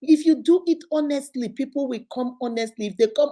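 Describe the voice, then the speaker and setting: Warm, animated Nigerian woman vlogger. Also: sits high, fairly quick, few pauses. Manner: animated, preachy. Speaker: vlogger host. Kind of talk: casual chat to viewers.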